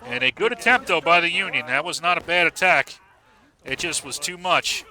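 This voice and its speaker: A man casting a large online battle match live, excitable and profane, urging players on and praising plays. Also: fairly high pitch, normal speed. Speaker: match caster. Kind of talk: live game commentary.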